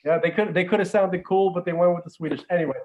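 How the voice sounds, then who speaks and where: A man's voice: high voice, fast talker, a little mellow, a little hiss or hum, poor audio. A man chatting casually as a regular podcast guest, rambling with many restarts and some swearing. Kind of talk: casual chat.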